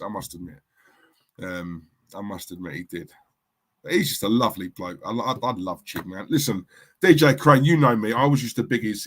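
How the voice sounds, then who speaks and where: A man's voice: on the low side, fairly bright tone, husky. A man hosting a live stream, chatting casually and reading out viewer comments in a rambling, repetitive way. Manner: chatty, rambling, repeats himself. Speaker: livestream host.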